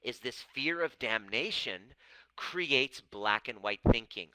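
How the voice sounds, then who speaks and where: A man's voice: mid-range voice, animated, takes it slowly, bright, forceful tone, clear, resonant tone, no room sound, poor audio. A man of Persian background talking as a coach, blunt and swearing freely, acting out quoted voices as he goes. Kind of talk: casual talk to camera.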